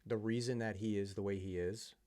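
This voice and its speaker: A man's voice: on the low side, fairly even intonation, a little fast, mellow. A man telling his personal story as a podcast guest, earnest and heartfelt, with many fillers. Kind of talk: personal testimony in conversation.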